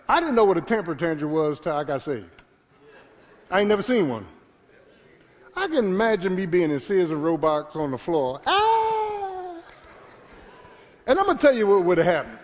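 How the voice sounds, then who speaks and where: A middle-aged man from Philadelphia preaches from the pulpit with a high, sweeping voice that climbs into shouts. He calls out to his congregation and drives his points home. The sound rings through a large church hall. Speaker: pastor. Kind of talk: sermon. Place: church sanctuary.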